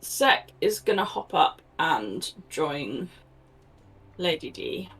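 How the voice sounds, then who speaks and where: A woman's voice: low-pitched, very animated, takes it slowly, fairly bright tone, slightly rough, low-quality recording. Playful woman player at a game table.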